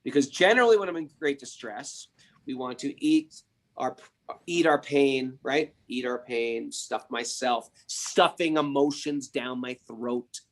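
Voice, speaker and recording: A man with a mid-range voice hosts a spiritual podcast, speaking at a measured pace. He teaches by retelling stories and punctuates them with emphatic rhetorical questions.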